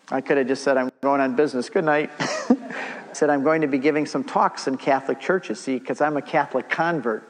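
A middle-aged man giving a storytelling church talk, acting out the dialogue as he goes. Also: a little high. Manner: animated storyteller, acts out dialogue. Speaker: Catholic speaker giving a talk. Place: church hall. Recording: long reverb of a large hall.

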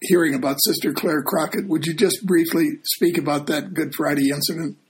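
A man hosting an interview, asking slow, halting questions with fillers. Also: on the high side, fairly even intonation, rough recording. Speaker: interview host.

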